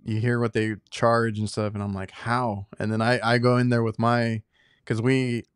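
A man's voice: mid-range voice, little pitch movement, moderate pace, clear, resonant tone, dry recording, studio quality. An American man co-hosting a podcast, talking shop in an easygoing, chatty way. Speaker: podcast co-host, HVAC technician. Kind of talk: casual chat.

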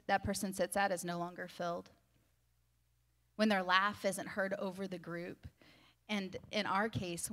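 Female co-pastor, mid-pitched, relaxed and candid sermon talk with easy laughter. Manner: chatty, laughs easily, candid. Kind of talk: conversational sermon.

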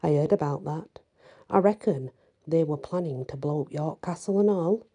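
A rough-spoken male prisoner priest, read by a woman in a storybook telling. The tone is deep and mellow with a breathy, husky edge. His speech is gruff and rustic. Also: moderate pace. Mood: suspicious.

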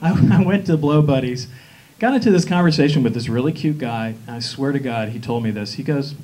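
A Southern-accented comedian from Atlanta delivers campy, sly stand-up before a live audience, speaking fairly quickly with a medium-pitched, dark-toned voice. Crowd noise and laughter fill the low-quality recording of the show.

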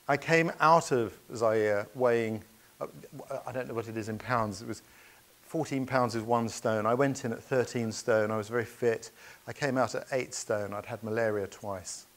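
Male speaker, storytelling keynote, earnest, anecdotal, halting fillers. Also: mid-range voice.

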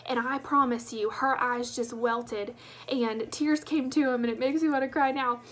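A woman's voice: on the high side, fairly even intonation, moderate pace, a bit bright. A woman, telling her story as a sales director with enthusiastic emphasis. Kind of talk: personal testimonial.

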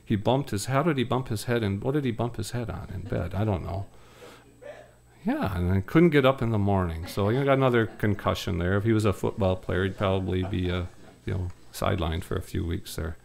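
A man from Michigan doing wry, rambling comedic stage patter between songs, with many hesitant pauses. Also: fairly low pitch, gravelly, a little mellow. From Michigan, USA. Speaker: singer-comedian. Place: live stage before an audience.

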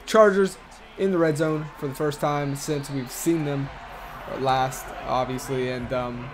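A man calls a football video game play by play in a casual, chatty way, tossing in fillers and restarts as he goes. His voice sits a little high, with faint noise underneath. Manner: quick play-by-play with filler words and self-corrections. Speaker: gaming channel host.

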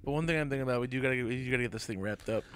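A man's voice: mid-range voice, very fast, slight background noise. A young man hosting a podcast, tipsy and rambling in an easygoing late-night chat. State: drunk. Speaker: podcast host.

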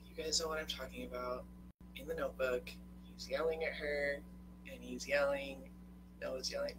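A woman's voice: rumbling low, fairly even intonation, a little slow, long pauses, background noise. Chatty young woman coaching on a live stream. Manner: chatty, emphatic, swearing. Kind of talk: casual live-stream talk.

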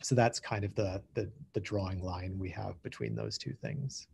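A man's voice: low voice, big pitch swings, normal speed, vocal fry, noisy background. A man presenting at a conference, answering audience questions in a thoughtful technical explanation and often restarting his phrases with ums.

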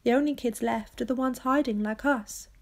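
A woman doing a gentle, earnest older girl. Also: a little high, moderate pace, pitched above the performer's own voice, natural voice. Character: gentle, caring older girl hiding with other children.

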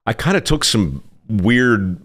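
A man's voice: fairly low pitch, very animated, takes it slowly, a bit bright. A man hosting a podcast in casual conversation, with dry, wry humor. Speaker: podcast host.

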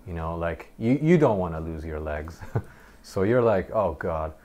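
A man casually telling a personal story over gameplay, animated and halting, often laughing between sentences. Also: low-pitched. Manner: halting, many restarts. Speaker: gameplay commentator.

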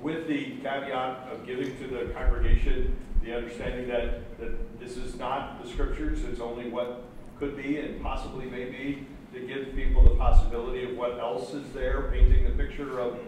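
A man's voice: mid-range voice, little pitch movement, background noise. Guy in the crowd asking a follow-up, stumbles on words, far off mic, big echo. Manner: halting, repeats words. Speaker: pastor in the audience asking a question. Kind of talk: audience question. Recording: distant mic in a very echoey hall, crowd around.

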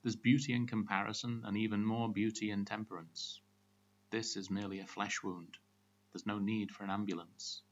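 A weary, self-deluding old Marquis, voiced by a man delivers his lines in a brisk, declamatory way. The voice sits on the low side. The recording is muffled, with a faint hum. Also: level tone, lightly acted. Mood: grandiose.

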